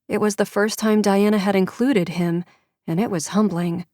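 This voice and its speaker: A woman narrating an audiobook in a measured storytelling way. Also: mid-range voice, steady tone, a little mellow, dry recording, clean studio sound. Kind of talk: scripted narration.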